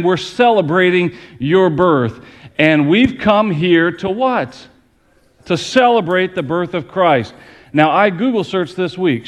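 A middle-aged man preaching a playful Christmas sermon as pastor, talking straight to his congregation. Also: high-pitched. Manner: playful, addresses the congregation directly. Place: church sanctuary with congregation. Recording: long hall reverb, audience noise.

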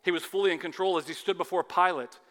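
Man, preacher, sermon, fairly high voice, dramatic loud-to-hushed swings, reverberant hall. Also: fairly even intonation, fast talker. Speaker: pastor.

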